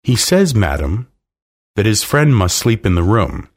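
A man's voice: on the low side, sing-song, measured pace. A man doing a prim haughty nanny. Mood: curt. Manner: curt, haughty. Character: prim, stern, aloof woman nanny.

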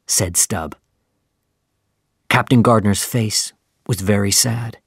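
A man narrating a storybook with a slow, deliberate delivery. His voice is gravelly with a dry, close sound. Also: fairly low pitch, no room sound. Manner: steady first-person storybook reading. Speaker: audiobook narrator. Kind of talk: scripted narration.

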